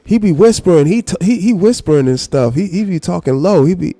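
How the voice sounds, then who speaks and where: A squawking, high-pitched complainer, as a gravelly-voiced man puts him on, loud and whiny about soft talkers. The voice jumps well above his usual register. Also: expressive, fairly quick, no echo. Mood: mocking.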